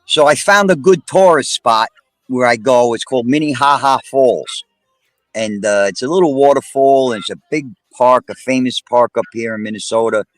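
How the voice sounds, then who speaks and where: A man's voice: medium pitch, normal speed, no room sound, faint music behind. New York-accented man on a dry call line. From Brooklyn, New York. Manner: jokey, streetwise, repeats words. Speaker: panel guest, street vendor. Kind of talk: casual livestream chat.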